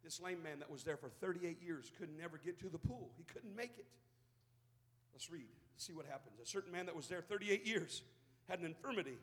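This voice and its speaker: A man preaching an impassioned sermon as pastor, acting out the people in the story and building to shouts. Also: on the high side, fairly quick, long reverb tail. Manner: impassioned, plays out bible characters, rising to shouts.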